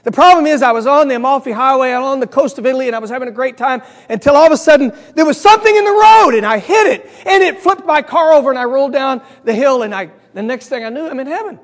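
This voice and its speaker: Man playing an Italian guy in a joke, bragging, high voice, long hall reverb. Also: expressive, fast talker, few pauses. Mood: boastful. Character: Italian man who crashed his new sports car.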